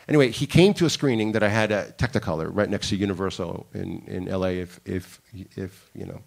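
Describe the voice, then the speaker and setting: A man with a deep, creaky voice, talking a little fast, is a Miami director appearing as a panel guest in a conference room. He tells career stories with animation, acting out quoted lines.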